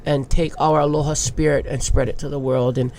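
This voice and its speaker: A man's voice: on the high side, level tone, fairly quick, a little mellow, a little hiss or hum. A man in his thirties from Hawaii, a surfer guest telling his life story openly and emotionally, swearing casually. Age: 30s. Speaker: guest, big wave surfer. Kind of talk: candid podcast storytelling.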